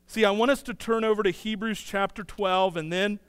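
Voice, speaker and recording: Guy preaching a sermon, kinda high smooth voice, acts out little scenes, big hall reverb. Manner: animated storytelling, acts out dialogue in quick bursts. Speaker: pastor.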